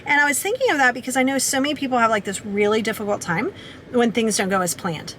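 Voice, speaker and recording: A woman talks casually to her camera in an upbeat, chatty way, throwing in "like" often. Her voice sits a little high, with a light hiss of noise behind her. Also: quick pace, fairly bright tone. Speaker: vlogger. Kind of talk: casual vlog talk to camera.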